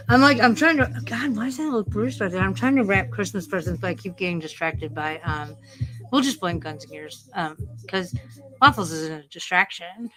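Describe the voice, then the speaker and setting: Brief: woman streamer, mid-pitched, swears constantly, loose scattered chat. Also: rough recording. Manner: profane, rambling, easily distracted. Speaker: livestream host. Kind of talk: casual livestream chat.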